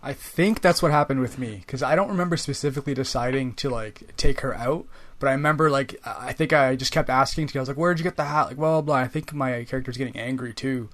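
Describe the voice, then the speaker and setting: A man's voice: mid-range voice, fast, a bit bright. A man co-hosting a podcast, talking reflectively and often restarting his phrases. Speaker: podcast co-host. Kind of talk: casual chat about a video game.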